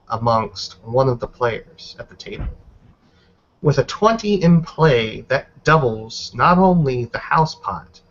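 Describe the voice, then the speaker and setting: A man running a tabletop game as game master, describing the scene in a measured way. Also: medium pitch, a bit bright. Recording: dull lo-fi recording.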